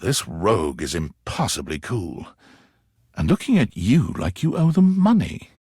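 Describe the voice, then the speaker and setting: A husky, wry game narrator. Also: male voice, fairly low pitch, huge pitch swings, measured pace, a little mellow, no echo, studio quality, full character voice. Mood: amused. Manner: wry, playful storytelling. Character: wry adult male storybook-style game narrator. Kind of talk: scripted second-person game narration.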